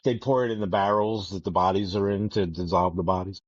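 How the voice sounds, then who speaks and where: Low-voiced joking podcast guy, dull audio. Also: fairly even intonation, a little fast, no room sound. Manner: joking, profane, rambling. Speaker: podcast co-host. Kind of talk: casual book-club chat.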